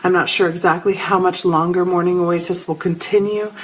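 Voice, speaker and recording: A woman's voice: on the low side, fairly quick, husky, poor audio. A middle-aged woman hosting a spiritual live show, telling stories and chatting casually with viewers she names as she goes. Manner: animated storytelling, addresses viewers by name.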